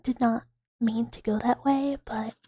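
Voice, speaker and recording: A woman whispering ASMR chat straight into a close mic, soft-spoken and giggly as she talks with viewers. Her whisper is very husky and slow, a touch high. The sound is dry and intimate. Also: fairly even intonation, dry recording. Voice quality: breathy whisper. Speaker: ASMR streamer.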